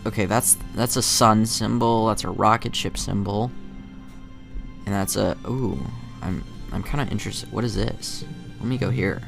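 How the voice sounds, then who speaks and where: A man's voice: lowish voice, fairly even intonation, moderate pace, gravelly, a bit bright, soft background music. A man casually commenting on a game and reading its text aloud, chatty and self-deprecating. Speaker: gaming channel host.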